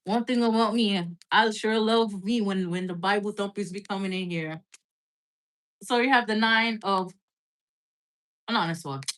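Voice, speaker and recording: Hiccuping throughout, this woman gives an easygoing tarot reading on a live stream, talking unhurriedly with long pauses in a medium-pitched, fairly bright voice. She's frank and talkative, swears without restraint, and leans heavily on "like."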